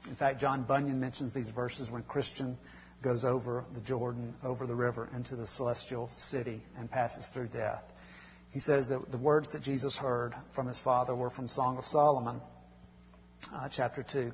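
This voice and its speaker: A man preaching a sermon and telling a story, speaking softly and haltingly with fillers, growing quieter on tender lines. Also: mid-range voice, level tone. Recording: dull hall sound with faint hum.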